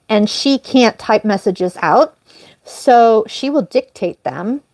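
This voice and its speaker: A woman hosting a casual live stream, talking in a rambling, apologetic way and jumping up in pitch when she stresses a point. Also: dry recording, clean studio sound. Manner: animated, jumps up in pitch on emphasis. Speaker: livestream host.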